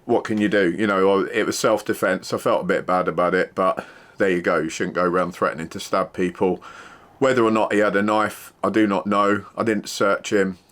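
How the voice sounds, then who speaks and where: A middle-aged man recounts his old security days. His voice sits very low and deep. He talks in a plain, matter-of-fact way, rambling along with "uh" and "you know". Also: steady tone, fairly quick, a bit bright. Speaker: former security worker. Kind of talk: casual storytelling.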